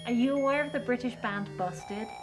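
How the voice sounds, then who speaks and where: A woman's voice: fairly high pitch, brisk, recorded from a distance, soft background music. A young woman co-hosting a charity livestream, chatting casually and exclaiming often. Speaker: charity stream co-host.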